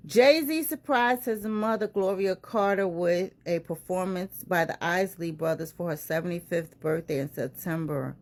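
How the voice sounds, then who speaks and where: A woman's voice: fairly low pitch, moderate pace, few pauses. A woman reading a celebrity news article aloud and reacting to it with frequent exclamations and asides, in a casual commentary style. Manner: animated, exclaiming and interrupting her own reading.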